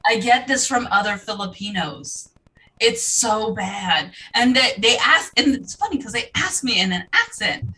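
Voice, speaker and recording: Woman from the us, sassy and blunt, bright bouncy voice, kinda far from the mic. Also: on the high side, lively intonation. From United States. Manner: blunt, sassy, quick to swear. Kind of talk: casual group voice chat.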